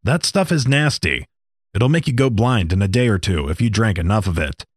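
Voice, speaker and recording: Old talking snake, wry and matter-of-fact, lively low voice, dry sound, as a storyteller puts it on. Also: male voice, normal speed, breathy edge, dry recording. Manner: matter-of-fact, dryly joking.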